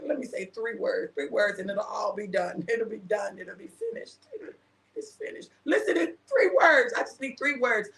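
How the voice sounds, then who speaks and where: A woman's voice: medium pitch, lively intonation, moderate pace, fairly bright tone, reverberant. A woman minister hosting a casual chat, telling a personal story with laughter and acting out the quoted dialogue. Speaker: minister and show host.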